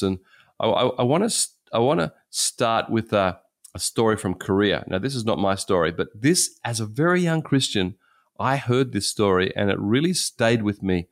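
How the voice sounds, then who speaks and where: A pastor in his sixties preaches in a relaxed, chatty storytelling style, his deep, low voice unhurried yet expressive. He keeps circling back, repeating and restarting phrases.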